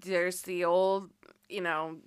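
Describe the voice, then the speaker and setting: A woman's voice: on the low side, flat delivery, clean tone. A woman co-hosting a podcast, recapping a movie in casual chat and mocking it bluntly, with plenty of swearing. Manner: blunt, swearing, mocking the characters in quick put-on voices. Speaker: podcast co-host.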